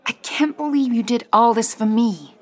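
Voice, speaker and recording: A storybook reader voicing an excited young woman in love, with a lifted, eager delivery. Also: fairly high pitch, normal speed, pitched above the performer's own voice, close to an everyday voice.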